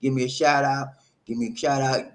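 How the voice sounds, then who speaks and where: A man's voice: medium pitch, level tone, fairly quick, poor audio. Preachy man hyping up his livestream chat. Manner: preachy, hypes up chat with loud call-outs. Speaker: livestream host reading viewer chat. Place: home in the Philippines, green screen.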